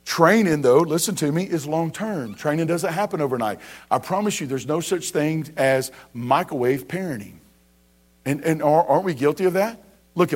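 A high-pitched man delivers a sermon as pastor. He mixes scripture reading with casual asides and builds emphasis through rhetorical questions. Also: husky.

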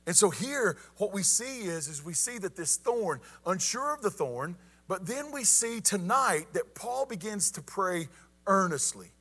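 A man's voice: high voice, sing-song, unhurried, bright, forceful tone. A man preaching a folksy evening sermon, often asking "you ready?" and saying "y'all".

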